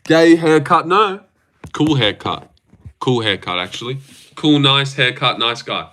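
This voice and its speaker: A man's voice: mid-range voice, lively intonation, a little slow, pushed and bright. A young man hosting a casual livestream, teasing his chat with self-mocking banter. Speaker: livestream host.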